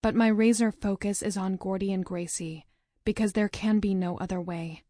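A woman narrating a novel in the first person, with a measured, dramatic reading. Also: mid-range voice, fairly even intonation, dark tone, no echo, studio quality. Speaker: audiobook narrator.

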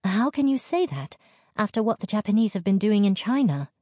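A woman's voice: mid-range voice, brisk, dark tone, no room sound, clean studio sound, pitched above the performer's own voice, lightly acted. A woman voicing an anxious, outspoken young wife and mother, blunt and pressing. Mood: urgent. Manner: blunt, pressing, raised and urgent.

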